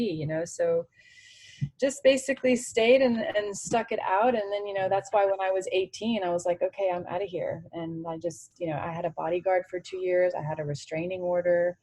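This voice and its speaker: A woman in her forties talks openly in an interview, her voice pitched low and a little husky. She speaks in a heartfelt way and leans on "you know" again and again. The sound is close and dry. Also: fairly even intonation, brisk, dark tone, no room sound, rough recording. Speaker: interview guest, former tennis player. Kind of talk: candid conversational interview.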